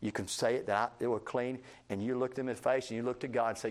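A man pastor preaching a sermon, jumping between loud, high outbursts and quiet, low asides, acting out the voices of people he quotes. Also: steady tone, quick pace. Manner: acts out quoted voices of sinners.

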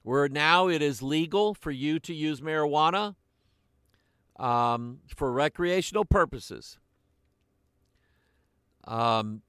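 Older male preacher, slow, measured delivery, higher-pitched voice, dry close sound. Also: fairly bright tone, clean tone, no room sound. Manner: slow, deliberate preaching with pauses. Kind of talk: sermon.

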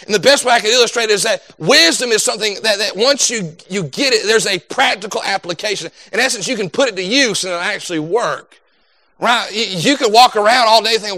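A young man preaching a sermon, animated and dropping into quoted voices. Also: high voice, fast talker, no room sound.

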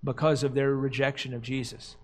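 A man preaching a sermon as a pastor, slowing down and dropping low to stress key words. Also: flat delivery. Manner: slows and drops low for emphasis, quotes crowd cries dramatically.

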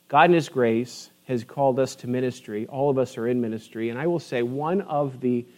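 Male pastor, sermon delivery, earnest conversational preacher, slightly high pitch. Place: church sanctuary.

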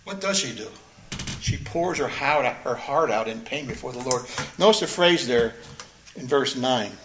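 A man's voice: mid-range voice, animated, a little slow, fairly bright tone, echoey room, a little hiss or hum, poor audio. A man preaching a sermon, reading scripture aloud and explaining it, earnest and emphatic, repeating phrases for stress. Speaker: pastor.

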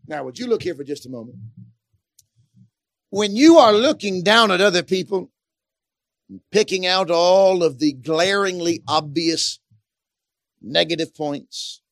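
A man preaching a sermon, swinging between hushed, tender passages and loud shouted appeals. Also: sits high, no room sound.

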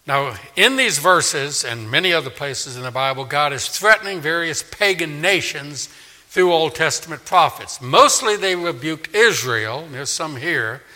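A man from New Orleans preaching a sermon, emphatic, with loud stressed words and quiet asides. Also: on the high side, animated, unhurried. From New Orleans, Louisiana. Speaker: pastor. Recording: long hall reverb.

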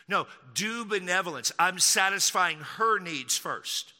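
A man from Texas preaching a sermon as pastor, emphatic, slowing down to repeat key lines and throwing in mocking asides. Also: sits high, expressive, bright, forceful tone, long reverb tail.

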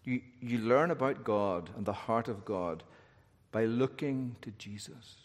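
A man preaching a sermon in an animated way, with humorous asides. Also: mid-range voice, unhurried. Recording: long hall reverb.

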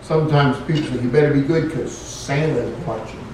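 A man's voice: medium pitch, a little fast, a little mellow, slight background noise. A man preaching a sermon in a folksy way, rising to emphatic points. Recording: echoey room, voice from far off.

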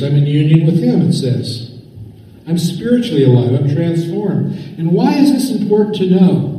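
Dark-voiced preacher in an echoing hall. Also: male voice, on the high side. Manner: asks the listeners rhetorical questions, repeats key phrases. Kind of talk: sermon. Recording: echoey hall, voice from far off.

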